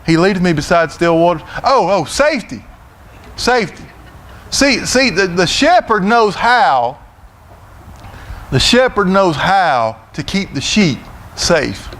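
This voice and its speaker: A middle-aged man from Florida with a Southern US accent preaches in a church sanctuary, folksy and loud, often repeating words. His voice is high, very animated, and a little slow.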